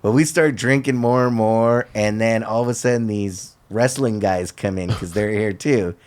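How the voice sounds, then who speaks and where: With a fairly low pitch and a moderate pace, a man appears as a guest on a talk show. His story comes out relaxed and lively, and he performs what others said using loose slang.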